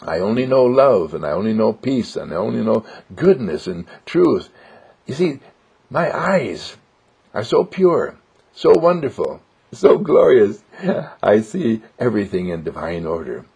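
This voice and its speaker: His voice is on the low side and dark, with vocal fry and a breathy edge; he's very animated yet unhurried. This inspirational speaker gives a joyful, sing-song spiritual monologue of simple repeated affirmations, captured on a dull lo-fi recording.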